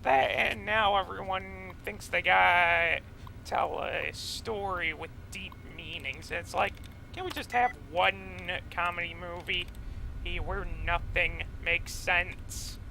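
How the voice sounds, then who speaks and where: A man's voice: high-pitched, fairly even intonation, slow pace, gravelly, bright, forceful tone, slight background noise, rough recording. A man giving casual commentary while playing a video game, chatty and rambling off on tangents. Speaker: let's play gamer.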